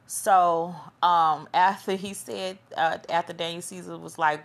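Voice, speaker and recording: Low gravelly woman podcaster. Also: level tone, measured pace. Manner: chatty, rambling, loses her train of thought. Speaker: podcast host. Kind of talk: casual monologue commentary.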